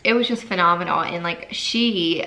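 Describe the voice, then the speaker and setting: Young woman vlogger, lowish gravelly voice with a bright edge, rambly filler-heavy chat, near tears. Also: moderate pace, low-quality recording. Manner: chatty, lots of fillers like "like" and "freaking". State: tearful, holding back crying. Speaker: nursing student vlogger. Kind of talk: casual talk to camera.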